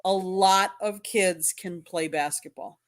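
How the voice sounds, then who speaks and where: A woman's voice: fairly low pitch, steady tone, slow pace. A woman on a sports talk panel, casually explaining her point step by step with examples.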